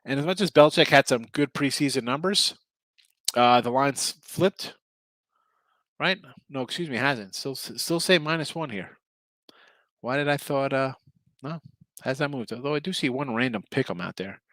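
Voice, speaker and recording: A tired middle-aged man rambles through a casual betting chat with viewers and keeps correcting himself. His voice sits at an ordinary middle pitch and sounds dry and close, with no room echo. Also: normal speed, pauses often, a bit bright. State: tired, yawning. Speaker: sports betting show host.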